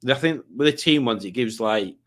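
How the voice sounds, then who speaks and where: This is a man at a middle pitch, hosting a relaxed stream from home. He reads viewer comments aloud, jokes about them and rambles between answers in a casual, chatty way. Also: normal speed. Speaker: livestream host.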